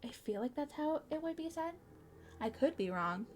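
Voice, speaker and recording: Woman streamer, casual chat, a touch high-pitched, bubbly and giggly, stumbles over words. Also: expressive, moderate pace, slight background noise.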